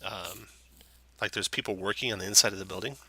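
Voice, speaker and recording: A man narrating as dungeon master in a relaxed, meandering way, with plenty of fillers. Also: on the low side, a little fast, breathy edge. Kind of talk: narrating a tabletop game.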